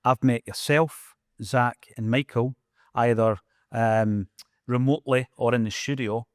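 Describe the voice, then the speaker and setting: A man's voice: mid-range voice, steady tone, a little slow, dry recording, studio quality. A man with a Scottish accent hosting a casual podcast interview, asking questions in an enthusiastic, chatty way. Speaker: podcast host.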